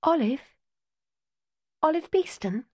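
A woman's voice: high-pitched, expressive, slow, mellow, no echo, studio quality, pitched above the performer's own voice. A woman voicing a desperate young woman, pleading and near tears. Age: young adult. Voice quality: pleading, tearful.

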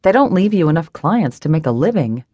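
A woman voicing a sardonic longtime coworker in an audiobook, speaking dryly with a lowish voice. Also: very animated, brisk, dark tone, husky, no echo, lo-fi sound, exaggerated voice. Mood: dry, teasing. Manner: dry, wry delivery. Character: dry, sardonic woman coworker, long-time office veteran.

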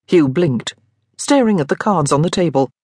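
A woman narrating an audiobook with expressive, lively storytelling. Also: low-pitched, moderate pace, husky, dry recording, studio quality. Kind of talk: scripted narration.

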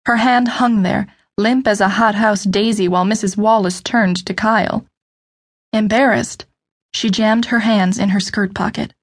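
A woman narrating an unabridged novel audiobook in a steady, measured storytelling voice. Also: mid-range voice. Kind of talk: scripted narration.

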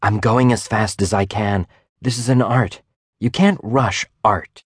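A dry, joking teenage boy, as a man narrating an audiobook puts him on. He mutters his jokes with a wry edge. The voice is low and close, with no room sound around it. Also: steady tone, a little slow, slightly rough, dry recording. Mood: mock-serious.

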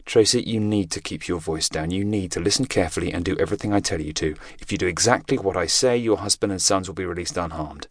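A man playing a teenage boy undercover agent who speaks in a flat, controlled and quietly menacing way. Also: deep voice, fast talker, few pauses, no room sound, clean studio sound. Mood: coldly firm.

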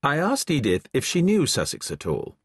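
A middle-aged audiobook narrator reads a novel aloud in a husky, fairly high voice with huge pitch swings, at normal speed. His storytelling is dry and wry, and he voices the characters lightly. The recording is dry, made on a close studio mic in a dry booth.

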